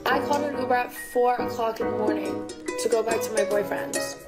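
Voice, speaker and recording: Hungover girl in her 20s rambling and cursing thru a get ready with me, loud music behind. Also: a little high, fairly quick. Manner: hungover and swearing, rambling with lots of "like". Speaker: vlogger. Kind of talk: casual get-ready-with-me vlog.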